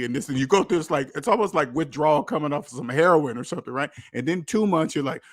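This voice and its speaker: A man in his forties with an American accent talks loosely on a livestream, his voice sitting slightly higher than most men's. The sound is close and dry, with no room around it. He rambles through stories with plenty of restarts. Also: expressive, quick pace, a bit bright, no room sound. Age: 40s. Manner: rambling storytelling with many restarts. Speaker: host of a debt-free finance livestream. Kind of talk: casual livestream chat.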